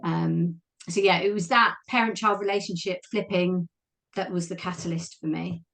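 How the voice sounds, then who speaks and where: A woman's voice: on the low side, steady tone, moderate pace, gravelly, a bit bright. A woman, a guest speaking openly and reflectively about her own life, often laughing. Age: 40s. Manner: open, reflective, laughs easily. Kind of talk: candid personal conversation.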